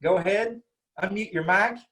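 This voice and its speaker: A man's voice: high-pitched, moderate pace, bright, forceful tone, voice pushed up. A man voicing Cletus, a friendly, rambling male Texan cousin with a Texas accent who stammers and keeps coaxing people to interrupt him, heard over a video call. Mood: chummy.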